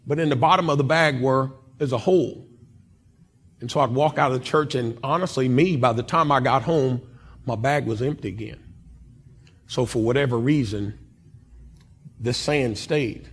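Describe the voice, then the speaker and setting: A man from Oklahoma telling a personal story as a guest speaker in a church chapel, with dramatic swings in loudness and pitch. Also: breathy edge. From Oklahoma, USA.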